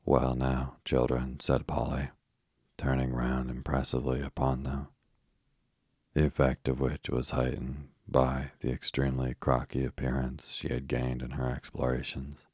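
A man narrating a bedtime story in a calm, unhurried way. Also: very deep voice, slightly rough, no room sound, studio quality.

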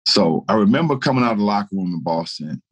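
A man, a guest telling lively stories in casual chat and laughing through them. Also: fairly low pitch, fast, slightly rough. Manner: animated storyteller, laughing through anecdotes. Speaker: guest, retired basketball player.

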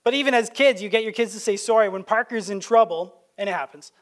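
High-voiced male pastor preaching. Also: fast talker. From Canada. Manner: conversational, anecdotal preaching with frequent restarts. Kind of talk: sermon. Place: church sanctuary.

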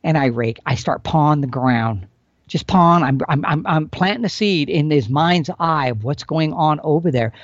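There's no room sound in this dull, dry recording of a middle-aged man whose voice sits on the high side at normal speed. As an expert guest teaching hunting techniques, he's animated and folksy, acting things out with expressive swings.

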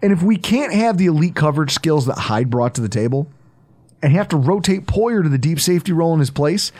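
A man's voice: a little high, animated, a little fast, darkish tone. A man hosting a casual sports podcast, joking, riffing and laughing as he talks. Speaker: podcast host.

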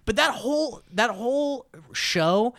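Man, podcast co-host, lively storyteller, swooping voice, dry close sound. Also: very high-pitched, takes it slowly, no room sound. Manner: animated storyteller who acts out characters. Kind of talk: casual chat. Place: podcast studio.

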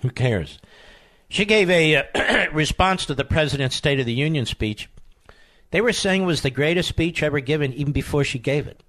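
A man hosting a political talk radio show, combative and emphatic, with sudden high outbursts. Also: animated, moderate pace, a bit bright.

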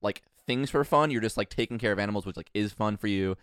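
A man's voice: lowish voice, fast talker, fairly bright tone, smooth, dry recording, clean studio sound. A young man co-hosting a podcast, laid-back and full of fillers in casual chat. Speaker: podcast host.

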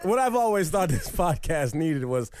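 A man co-hosting a comedy podcast, laid-back and quick to laugh. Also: fairly high pitch, big pitch swings, crowd noise. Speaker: podcast co-host. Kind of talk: casual comedic banter.

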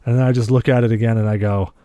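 A man hosting a podcast, telling rambling, animated stories in casual chat. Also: medium pitch, racing, clear, resonant tone, no room sound, clean studio sound. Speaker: podcast host.

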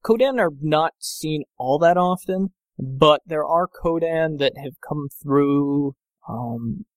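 A man's voice: medium pitch, dry recording. A man narrating as game master of a tabletop game, rambling with lots of fillers and self-corrections.

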